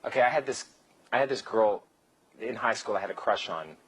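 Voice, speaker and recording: Speaking a little fast in a fairly low, slightly rough voice, this instructor runs a live seminar packed with stories. He jokes around, plays out bits of dialogue, and curses casually, all on a rough recording.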